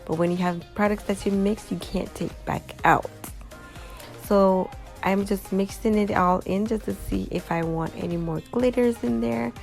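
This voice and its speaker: A woman, a small business owner and vlogger, chats directly to viewers while voicing over her craft tutorial, sounding tired and yawning. Her medium-pitched, darkish voice has vocal fry, fairly even intonation and a moderate pace, with soft music playing behind.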